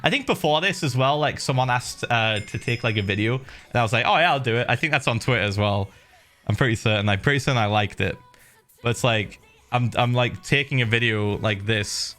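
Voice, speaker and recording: A middle-aged man on a stream casually tells his viewers a story, laughing in a lively way and swearing now and then. His voice is mid-range and fairly quick.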